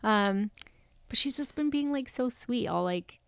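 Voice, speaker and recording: Gravelly-voiced woman chatting. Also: on the high side, measured pace, dry recording, clean studio sound. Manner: chatty, animated retelling. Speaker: podcast co-host. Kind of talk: casual chat.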